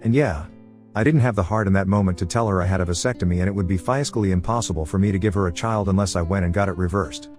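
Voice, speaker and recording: A man reading an online story aloud in a casual first-person way, over soft guitar music. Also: low voice, fast talker. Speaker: story narrator. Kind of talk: reading a reddit post aloud.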